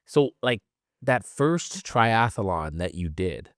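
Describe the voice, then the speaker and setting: A man with a fairly low voice hosts a casual podcast interview. He asks long, searching questions that wander before they land. The recording is close and dry. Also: sing-song, takes it slowly, dry recording. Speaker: podcast host.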